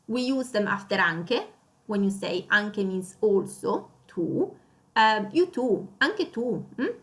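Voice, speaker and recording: A woman's voice: medium pitch, fairly bright tone. Female teacher, Italian accent, native Italian speaker, patient explainer who repeats and stresses examples, frequent fillers. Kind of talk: beginner grammar lesson.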